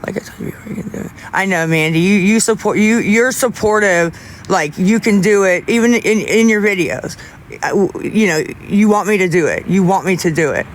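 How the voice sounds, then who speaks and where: A young man livestreaming, chatting casually with viewers in a rambling, halting way with many restarts. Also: high-pitched, a little hiss or hum.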